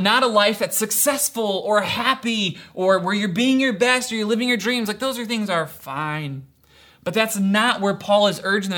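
Young male pastor, bright voice, casual sermon delivery with many "right"s and "kinda"s. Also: high-pitched. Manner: acts out quoted voices in storytelling.

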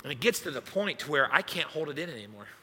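A young man, a youth pastor, telling a funny personal story in a sermon with animated, self-mocking delivery. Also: a little high, fast talker, husky. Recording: echoey hall reverb.

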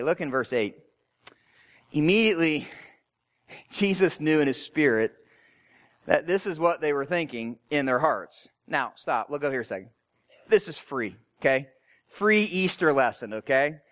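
A male pastor delivers a sermon in a relaxed, conversational way, asking rhetorical questions and tagging his points with "right?". His voice sits notably high for a man.

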